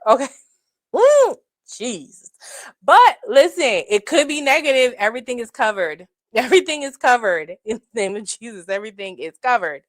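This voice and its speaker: A woman chatting casually through her budget, animated and addressing viewers as y'all, on a clip-on mic. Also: mid-range voice, no echo. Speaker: budgeting vlogger.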